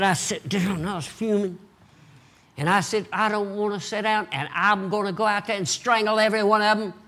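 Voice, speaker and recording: High-voiced preacher in full sermon. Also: male voice. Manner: animated preaching, swings from loud bursts to low asides.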